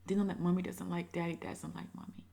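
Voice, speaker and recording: A woman giving emotional reaction commentary, impassioned, moving between loud emphasis and soft whispery asides. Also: on the low side, level tone, fast, gravelly. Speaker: reaction video creator.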